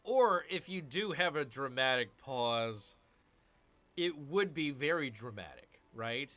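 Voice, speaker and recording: Male gaming host, animated pitch, chatty with his viewers while he plays. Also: takes it slowly. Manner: chatty, answers viewer chat while muttering over his moves. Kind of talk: casual let's-play commentary.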